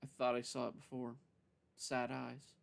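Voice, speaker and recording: A man reading a story aloud on a live stream, unhurried, with frequent self-corrections. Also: medium pitch, monotone, vocal fry.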